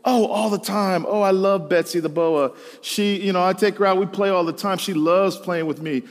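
A man's voice: high-pitched, steady tone, normal speed, long reverb tail, natural voice. A man voicing a doting, naive woman who talks about her pet in a chatty, gushing way.

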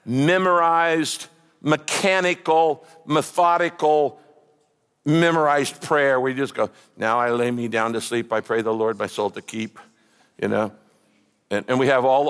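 A man's voice: a little high, fairly bright tone. A man preaching a sermon with passion and emphatic repetition, in a large hall. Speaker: pastor. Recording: echoey hall.

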